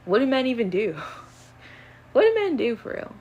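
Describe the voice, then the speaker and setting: A young woman casually answering would-you-rather questions on her own channel, chatty and animated, with plenty of fillers. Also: sits high, normal speed, muffled recording. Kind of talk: casual chat.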